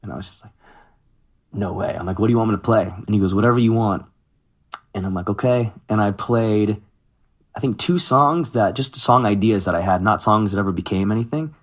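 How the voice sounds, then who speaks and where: A man in his thirties, fairly low in pitch and fairly quick, reminisces about his music career in a laid-back interview. Animated, he reenacts what others told him, giving their quotes lively voices.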